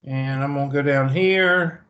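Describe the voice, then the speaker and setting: A man with a Southern US accent teaches a math class over a video call, chatty and thinking aloud as he goes. His mid-range voice is a bit bright and a little slow. The online lecture comes through as muffled video call audio.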